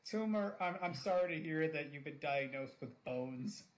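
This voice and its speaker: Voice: mid-range voice, expressive, moderate pace, lo-fi sound. A speaker in a casual online chat, dropping wry one-line jokes.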